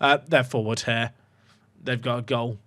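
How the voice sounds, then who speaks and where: A man commentating his own football management game, excitable and jokey, reacting loudly to goals. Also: medium pitch, normal speed, dry recording. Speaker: gaming YouTuber.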